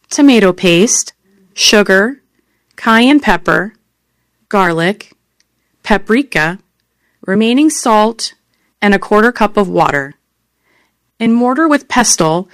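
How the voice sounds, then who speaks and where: A woman reading out recipes in a measured, list-like delivery, naming ingredients and steps one after another. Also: medium pitch, fairly bright tone, dry recording. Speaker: recipe reader. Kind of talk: slow scripted recipe reading.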